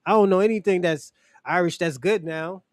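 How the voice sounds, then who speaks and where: On a livestream, a male host launches into a loose, profane, mocking rant and keeps breaking into laughter. His voice is high for a man, close and dry with no room around it, at a normal speed on a dry recording.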